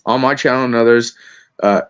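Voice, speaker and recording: A man joining a casual livestream chat, telling an animated, rambling story. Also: medium pitch, a little fast, smooth, muffled recording.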